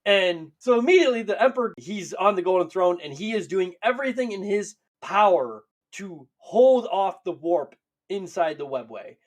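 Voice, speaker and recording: A man co-hosting a podcast, telling stories in a laughing, profane, animated way. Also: sits high, normal speed. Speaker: podcast co-host. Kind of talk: casual chat.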